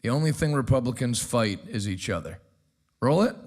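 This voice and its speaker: An American pastor hosting a casual news commentary show, tossing off wry quips between clips. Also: male voice, medium pitch, animated, normal speed, heavy background noise.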